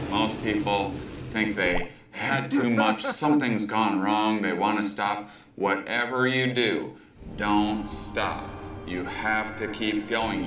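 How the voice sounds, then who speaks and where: A man telling a comic anecdote in an animated way, with background music. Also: on the low side, noisy background. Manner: animated, mimics voices in quotes. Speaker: storyteller. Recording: echoey, distant, music under.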